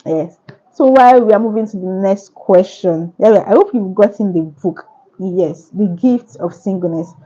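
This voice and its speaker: A woman author fields questions at a book launch in an earnest, repetitive, sermon-like way. Her voice is dark and mellow, and the recording is dull and lo-fi. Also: mid-range voice, normal speed. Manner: earnest, repetitive, preacher-like phrasing.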